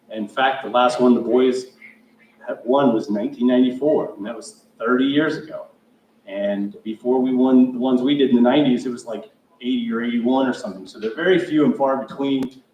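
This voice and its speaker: A man's voice: mid-range voice, darkish tone. Guy rambling thru a funny speech, lots of ums, roomy echoey hall, mic kinda far off, faint background hum. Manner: rambling, self-mocking, with many fillers. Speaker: hall of fame inductee giving a speech. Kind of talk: storytelling acceptance speech. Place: school gym or hall. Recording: echoey hall, heard from a distance.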